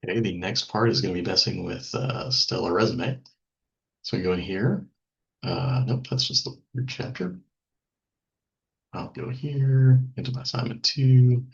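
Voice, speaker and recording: A man teaching a software lesson over a screen recording, thinking aloud with ums and small self-corrections. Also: on the low side, steady tone, measured pace, highs cut off. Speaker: instructor.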